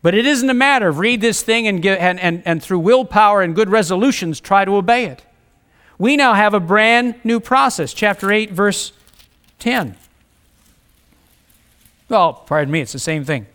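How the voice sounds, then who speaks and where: A man delivering a sermon in an earnest, direct way. His voice sits fairly high. He mixes scripture readings with plain-spoken asides to the congregation. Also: animated, moderate pace, fairly bright tone, smooth. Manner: earnest, preaching with rising emphasis and repetition; reads scripture aloud, conversational asides. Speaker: preacher.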